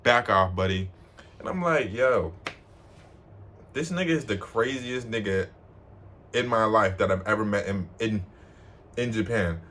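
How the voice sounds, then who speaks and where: A young man from Washington, D.C., telling funny stories to the camera in a casual, slangy way, laughing often and mimicking people in high voices. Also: measured pace, long pauses, a bit bright, slight background noise. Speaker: vlogger.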